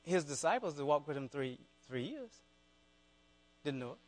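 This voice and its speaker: A man's voice: on the high side, sing-song, moderate pace. Southern man preaching a fervent sermon. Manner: preaches with rising, fervent calls and asides to the congregation. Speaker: pastor.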